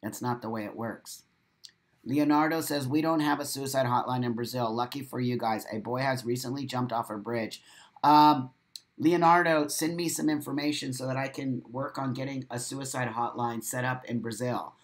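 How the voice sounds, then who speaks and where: A man's voice: medium pitch, steady tone, moderate pace. A man hosts a casual live stream, reading comments aloud and answering in a blunt, emphatic way. He repeats his points, swears freely and talks straight to his viewers. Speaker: livestream host.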